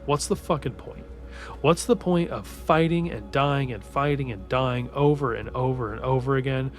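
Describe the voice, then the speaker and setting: A man voicing a furious, worn-down young hero who rants and curses, his voice lifting a little above a casual storyteller's tone. Soft music plays quietly behind. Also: mid-range voice, normal speed, close to an everyday voice. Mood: despairing. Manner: angry, cursing, ranting.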